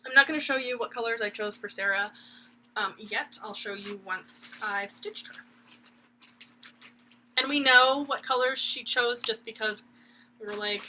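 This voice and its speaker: A woman's voice: medium pitch, a little slow, long pauses, sharp tone, slight background noise, rough recording. A young woman, chatting casually and rambling with giggles about her stitching projects at home. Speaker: cross-stitch vlogger. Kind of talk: casual chat.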